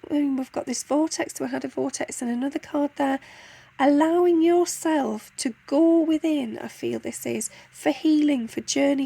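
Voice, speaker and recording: A woman gives a channelled spiritual card reading in a high voice with a gravelly, creaky edge. Her tone is mellow rather than bright, and her delivery is soft and heartfelt. She pauses often and restarts her sentences.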